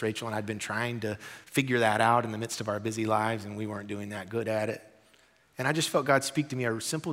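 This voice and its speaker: A man's voice: medium pitch, fairly bright tone. A man preaching a sermon as pastor, talking in an earnest, conversational way and acting out quoted asides. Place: church sanctuary. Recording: hall reverb.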